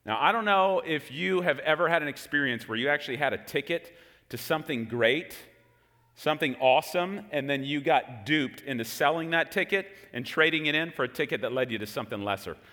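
A man's voice: on the high side, fairly quick. A man in his forties, raised in Texas, preaching a sermon and telling a story with jokes to the congregation. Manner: animated storytelling with jokes to the room. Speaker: pastor. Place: large hall with an audience. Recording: long hall reverb.

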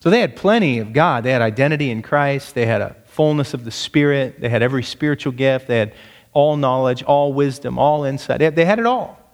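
Emphatic preacher in a reverberant hall. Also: male voice, lively intonation, a little fast. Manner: emphatic, rises in pitch to stress points; asks the congregation rhetorical questions. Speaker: pastor. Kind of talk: sermon.

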